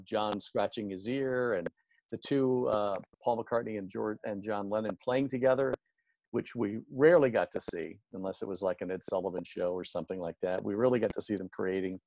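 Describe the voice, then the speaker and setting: A man's voice: fairly low pitch, a little mellow. A man hosting an interview over a video call, asking long, enthusiastic, rambling questions. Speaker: show host.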